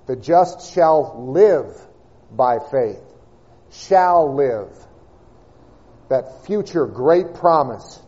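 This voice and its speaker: A man preaching a sermon, reading and expounding scripture with measured, emphatic delivery and slowed key words. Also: a little high, warm tone, muffled recording.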